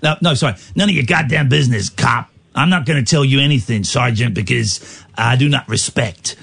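A man's voice: medium pitch, a little fast, vocal fry, a bit bright, husky. A man putting on a sneering tough-guy crook. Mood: defiant. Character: defiant male crook taunting a cop. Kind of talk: radio comedy improv.

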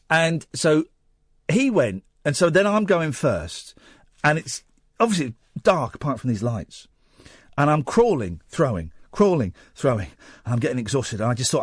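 A man hosting a late-night radio phone-in, telling a story in an animated way and acting out the voices he quotes. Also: on the high side, moderate pace, breathy edge, no room sound, clean studio sound. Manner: animated, acts out quoted voices, rising to shouts. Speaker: radio host.

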